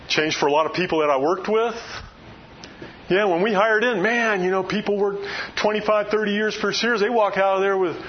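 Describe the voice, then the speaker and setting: Folksy older man preaching, fairly high voice. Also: steady tone, a little fast, highs cut off, slight background noise. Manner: folksy, full of rhetorical questions. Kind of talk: sermon.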